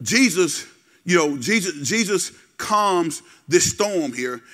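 A man preaching a call-and-response sermon, folksy and direct with the congregation, repeating words and building to shouts. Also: high voice, lively intonation, slow. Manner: folksy, talks straight to the congregation. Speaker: pastor.

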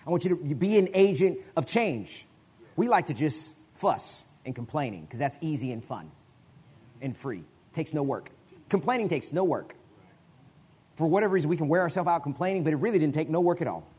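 A man preaching a sermon in a conversational way, often restarting his phrases and breaking into sudden loud bursts. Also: fairly high pitch, very animated, fairly quick, breathy edge. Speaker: guest preacher.

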